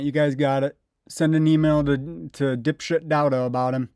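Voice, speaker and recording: A man talks over police footage, mocking and indignant. His voice sits fairly high, and it is recorded close and dry with no room sound. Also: flat delivery, moderate pace, darkish tone, clean tone, dry recording. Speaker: video commentator. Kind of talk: angry commentary over bodycam footage.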